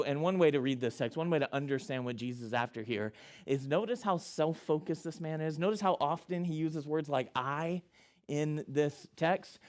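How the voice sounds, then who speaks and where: A man pastor giving a conversational sermon, with quick asides and self-corrections. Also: fairly high pitch, darkish tone.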